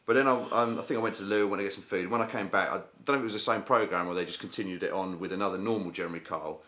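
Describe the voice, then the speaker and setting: A man with a very deep voice, telling stories deadpan and sardonic. His delivery is understated, with the jokes landing dry. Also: rapid-fire. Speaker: podcast co-host. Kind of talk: casual chat.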